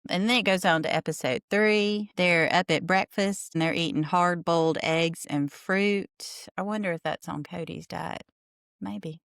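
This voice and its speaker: A woman chatting through a casual recap of a TV show, animated and acting out the people she quotes. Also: lowish voice, gravelly, no room sound, studio quality. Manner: chatty, animated, quick laughs, acts out quotes.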